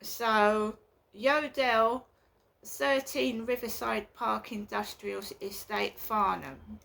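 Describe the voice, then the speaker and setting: A woman vlogging from her flat, complaining at length in an agitated, repetitive way. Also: a little high, slow pace, vocal fry. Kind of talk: casual ranting monologue.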